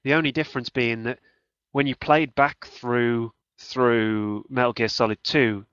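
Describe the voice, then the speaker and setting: A man's voice: medium pitch, fairly even intonation, unhurried, a bit bright, smooth, no echo. A man talking casually about video games, often restarting his sentences as he works out his point. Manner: hesitant, restarts mid-thought. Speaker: podcast panelist. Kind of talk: casual gaming discussion. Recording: dull, dry lo-fi audio.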